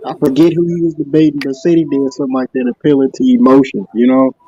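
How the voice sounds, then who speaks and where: A man's voice: medium pitch, flat delivery, fast, dark tone, husky, dry recording, dull audio. A man joining a discussion, hesitant and restarting his phrases.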